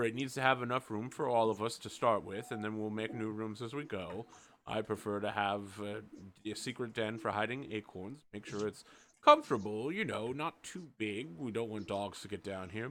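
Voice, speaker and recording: A man's voice: fairly low pitch, lively intonation, normal speed, sharp tone, slight background noise. A man voicing an old male rabbit elder who rambles fussily in a tabletop game. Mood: fussy. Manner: rambling, fretful monologue.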